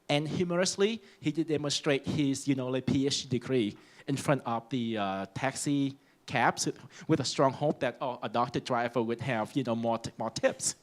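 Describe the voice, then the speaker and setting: A middle-aged man with a Vietnamese accent, giving a humorous personal speech to an audience as a panel speaker, animated and bursting into loud emphatic exclamations. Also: mid-range voice. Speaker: panel speaker, school principal.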